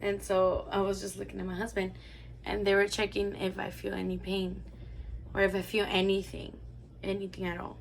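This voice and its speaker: A young beauty vlogger with a mid-range, monotone voice and vocal fry chats at a normal speed while doing her makeup. She rambles through a personal story, filling it with "like," over a little hiss or hum.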